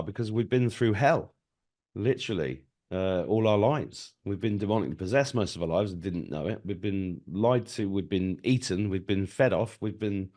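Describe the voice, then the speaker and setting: A middle-aged man from Britain, a guest telling stories in casual conversation and acting out the voices in them. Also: on the low side. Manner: animated storyteller, acts out voices in anecdotes.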